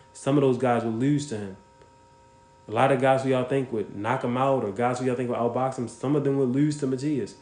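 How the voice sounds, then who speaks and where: A man's voice: mid-range voice, reverberant. A man hosting a casual livestream, talking bluntly and with plenty of swearing while thanking viewers by name. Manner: blunt, profane, shouts out viewers. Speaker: livestream host.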